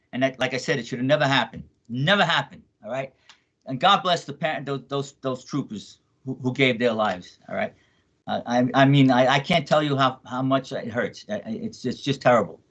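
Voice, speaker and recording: An older man in his seventies speaks with a bright, forceful voice pitched slightly high. He talks with fierce emphasis and hammers each point home with a repeated "okay?". His delivery is angry and impassioned, as a radio talk guest.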